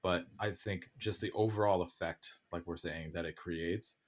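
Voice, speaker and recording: A man's voice: low voice, steady tone, moderate pace. A man appearing as a guest on a podcast, explaining his craft enthusiastically with casual swearing. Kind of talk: casual chat.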